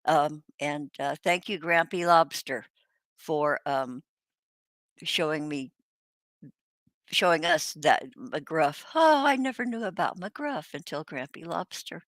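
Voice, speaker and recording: An older woman hosting a casual livestream chat, rambling and halting with many fillers, restarts and the odd swear word. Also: deep voice, a bit bright, no echo. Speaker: host.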